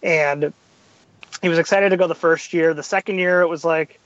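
High-voiced man telling animated stories. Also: moderate pace, dry recording, lo-fi sound. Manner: animated storyteller, acts out quotes. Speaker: guest. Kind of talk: casual podcast chat.

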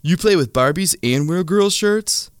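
A man's voice: high voice, lively intonation, smooth, dry recording, studio quality, pitched above the performer's own voice. A man voicing a snide teenage boy in all denim, drawing out his mocking taunts. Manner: mocking, drawn-out sneer.

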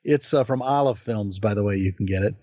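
A man co-hosting a podcast in casual chat about films, rambling and pausing on many filler words. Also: fairly low pitch, mellow, no echo. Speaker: podcast co-host. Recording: dull, dry podcast audio.

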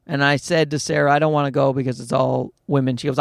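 Gravelly animated man telling comic stories. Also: a little high, fast, dry recording, clean studio sound. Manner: animated storytelling, swearing, jumps into voices for quotes. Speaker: comedian podcast host. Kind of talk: casual comedic monologue.

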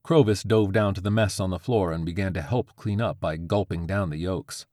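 A man narrating a story with a steady, even reading. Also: low-pitched, normal speed, no room sound, studio quality.

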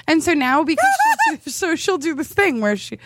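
A woman's voice: high-pitched, sing-song, a bit bright, a little hiss or hum. A woman co-hosting a podcast, telling stories in casual chat and laughing often. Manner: giggly, quick storytelling. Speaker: podcast co-host.

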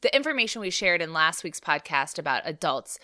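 A woman's voice: deep voice, big pitch swings, a little fast, sharp tone, no echo, studio quality. A woman hosting a wellness podcast in a chatty, casual way, laughing often and poking fun at herself. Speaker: podcast host.

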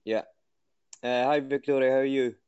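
A man's voice: mid-range voice, steady tone, normal speed, darkish tone, clear, resonant tone, dry recording, highs cut off. A man with a Scottish accent, a fitness coach, hesitantly asks a question over a video call. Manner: hesitant, with frequent "uh" fillers.

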